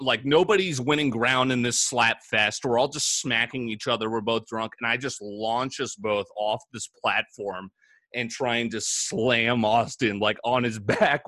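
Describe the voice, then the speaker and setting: A young man in his twenties casually telling a story to a friend, relaxed, full of fillers and swearing. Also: medium pitch, a little slow, no echo. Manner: laid-back, swears, lots of "like".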